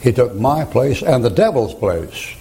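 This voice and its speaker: A man's voice: mid-range voice, very animated, unhurried, gravelly, poor audio. An older man preaching a folksy sermon full of stories, chuckling as he talks. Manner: folksy storytelling, chuckling, rising to shouted rhymes.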